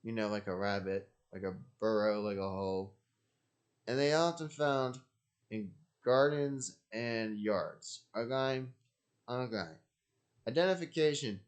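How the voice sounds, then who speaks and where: A man's voice: lowish voice, measured pace. A man hosting his own channel, talking casually in a rambling, jokey way and repeating himself often. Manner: repetitive, jokey, digressive. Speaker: channel host. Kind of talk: casual rambling solo talk.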